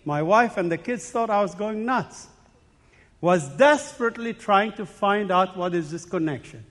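A man with a high voice gives a personal testimony as a sermon, telling his story in short, emphatic, dramatic phrases. His voice rings with the long reverb of a large hall. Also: animated, moderate pace, a bit bright. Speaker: speaker giving a personal testimony.

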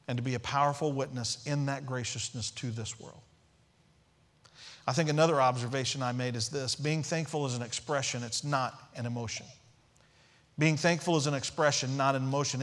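A man preaching a sermon as pastor, emphatic, repeating key phrases and asking rhetorical questions. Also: medium pitch.

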